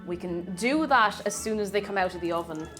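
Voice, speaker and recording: A woman's voice: medium pitch, a little fast, faint music behind. A woman chatting casually with her stream chat while baking in her home kitchen, reading messages aloud. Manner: chatty, reads chat aloud, bursts of excited whoops.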